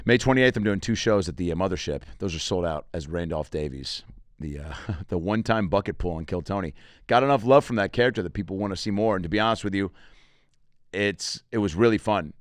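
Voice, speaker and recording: A man's voice: lowish voice, clear, resonant tone, dry recording, studio quality. A man, a comedian and podcast host, talking in a rambling, crude, joking way while plugging his shows. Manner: rambling and crude, with self-promotion and jokey asides. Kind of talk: casual podcast monologue.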